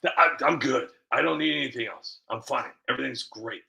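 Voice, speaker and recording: A man's voice: mid-range voice, a little fast, creaky, bright, forceful tone. A man, a video creator, rambling casually to the camera with many restarts and fillers, often laughing at himself.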